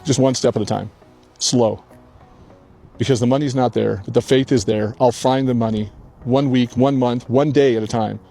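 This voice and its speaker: A man's voice: medium pitch, creaky, mellow. Tearful older man, earnest and heartfelt. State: crying. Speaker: channel host. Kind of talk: emotional personal vlog. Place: outdoors on a hillside rock.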